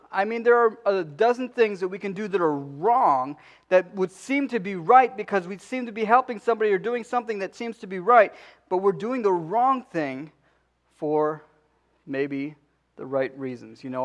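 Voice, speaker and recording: A man in his forties delivers a Sunday-style sermon in a church, with a slightly raised pitch. He speaks conversationally, slipping in asides and turning to earnest pleas to his listeners. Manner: conversational preaching, pleading, with many asides. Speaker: pastor. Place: church sanctuary.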